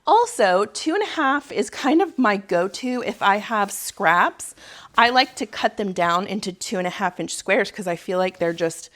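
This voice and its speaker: A Southern woman in her thirties talks through a sewing project at home, chatty and easygoing. She rambles off on tangents and laughs often, with a voice pitched in the middle range. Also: animated, moderate pace, fairly bright tone. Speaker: sewing channel host. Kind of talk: casual sew-along tutorial.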